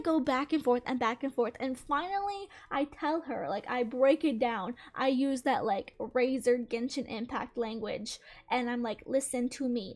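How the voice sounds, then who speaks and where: A young woman hosting a gaming channel, telling a story in casual chat with an exasperated, animated manner and frequent laughs. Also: sits high.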